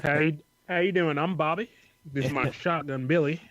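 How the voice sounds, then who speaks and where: A man's voice: on the high side, normal speed, a crowd in the background, lightly acted. A man voicing a folksy Southern park ranger, laying on a twangy drawl. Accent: American Southern, put on.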